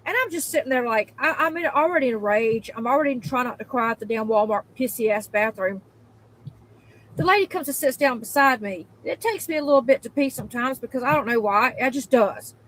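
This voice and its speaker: A woman venting in an angry, profane rant, swearing often and breaking into loud, shrill outbursts. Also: fairly quick, rough recording. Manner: profane, exasperated, emphatic; spikes into loud high outbursts. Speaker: worker venting in a video clip.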